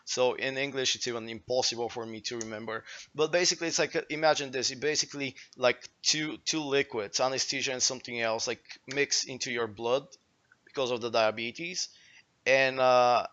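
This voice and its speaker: Late-teens male streamer, Bulgarian accent, native Bulgarian; loose, filler-heavy, profane storytelling; mid-pitched; muffled low-fi recording. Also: a little fast, fairly bright tone. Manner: rambling, filler-heavy, swears freely. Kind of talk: casual storytelling to stream chat.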